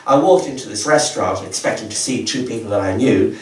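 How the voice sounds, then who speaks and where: A man's voice: fairly low pitch, fairly quick, darkish tone. A man, rambling and stammering with self-mocking asides. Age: 70s. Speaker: stand-up comedian. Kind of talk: stand-up comedy set. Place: comedy club stage. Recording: roomy live audio from far off. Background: audience laughter.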